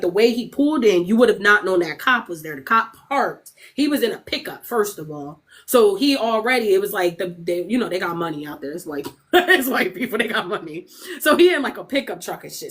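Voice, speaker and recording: A young adult woman livestreaming, telling a story casually to her chat, animated and profane, laughing often and acting out what others said. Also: medium pitch.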